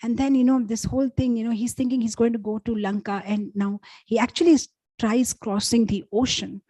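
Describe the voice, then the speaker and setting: A woman giving a devotional class, telling sacred stories in an animated, chatty way, filled with fillers and acted-out voices. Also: a little high, a little fast, no echo, rough recording. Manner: loose, chatty phrasing with many fillers. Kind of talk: devotional storytelling talk.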